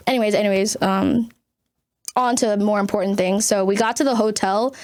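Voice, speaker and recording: A woman streamer telling a rambling story to her chat, swearing freely, full of filler words, and jumping in pitch for emphasis. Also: brisk. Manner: animated, jumps between pitches for emphasis.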